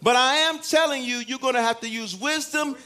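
A man preaching a sermon in a church, swinging from shouts to hushed tones and acting out quoted voices. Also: very high-pitched, a little fast.

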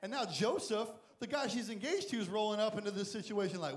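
High-voiced, animated youth pastor preaching. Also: male voice, fast talker, few pauses. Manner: animated, jokey, voices the characters. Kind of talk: lively sermon with acted-out Bible characters. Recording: echoey room.

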